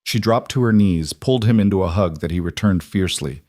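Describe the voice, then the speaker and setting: A man narrating a western story in a calm, measured way. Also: low voice, no echo, clean studio sound.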